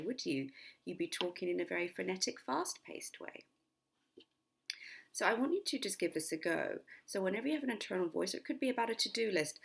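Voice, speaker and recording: A middle-aged woman explains a sleep technique in a loose, repetitive, chatty way, like a hypnotherapist coaching clients. Her voice is husky and a little gravelly, sitting on the low side. She now and then slips into slow, sleepy, whispered examples. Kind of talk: casual spoken self-help lesson to camera.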